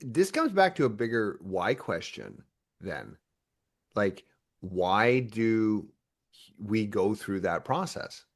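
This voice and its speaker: A man hosting a podcast in a casual, conversational interview. He is animated and often laughs. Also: on the low side, takes it slowly, creaky. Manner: animated, playfully acts out imagined dialogue; frequent restarts and laughter. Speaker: podcast host.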